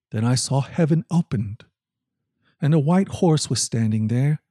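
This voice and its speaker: A man's voice: mid-range voice, animated, unhurried, warm tone, dry recording, clean studio sound. Solemn man reading scripture. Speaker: scripture reader.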